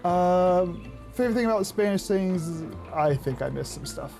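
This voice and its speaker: A woman's voice: lowish voice, expressive, moderate pace, dark tone, soft background music. A young woman streaming a game, chatting casually with viewers, laughing often and swearing now and then. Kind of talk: casual live-stream chat.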